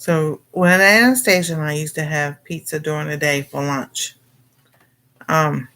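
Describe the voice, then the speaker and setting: Woman, chatty livestream host, bright voice, somewhat low pitch. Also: steady tone, measured pace. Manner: rambling, chatty, greets viewers, laughs often. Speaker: cooking channel host. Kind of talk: casual livestream chat.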